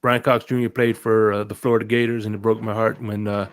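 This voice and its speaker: A man's voice: on the low side, level tone, brisk, no echo, clean studio sound. Laid-back man hosting a podcast. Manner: laid-back, asks short questions, joking. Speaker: podcast host. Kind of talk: casual chat.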